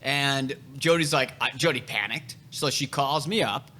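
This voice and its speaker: A man's voice: medium pitch, a little slow, pushed and bright, a little hiss or hum. A man hosting a casual podcast chat, telling real estate stories in a blunt, profane way.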